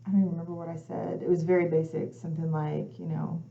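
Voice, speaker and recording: A woman's voice: low-pitched, little pitch movement, quick pace, gravelly, warm tone. A woman, a guest coach on a talk show, telling her personal story in earnest and acting out her own past thoughts as she goes. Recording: slightly muffled lo-fi audio.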